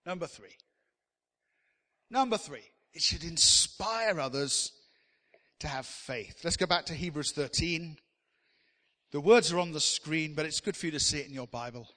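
A man's voice: a little high, normal speed, sharp tone, long reverb tail. A man preaching a sermon in a chatty, joking way, teasing the congregation.

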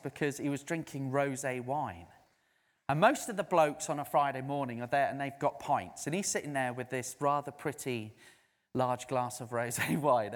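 A preacher with a lively, swooping delivery, telling a story from the pulpit and jumping up into a higher voice when quoting people. His voice carries a long reverb from a large hall. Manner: storytelling, animated, quoting others in raised voice. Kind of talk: sermon.

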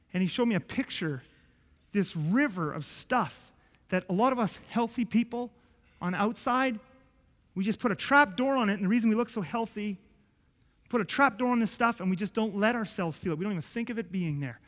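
A man preaching an emotional sermon in a high, bright voice that rings through a hall with a long reverb. He tells a personal story, dropping to a hush, then climbing to loud, pleading outbursts. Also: lively intonation, fairly quick. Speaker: pastor.

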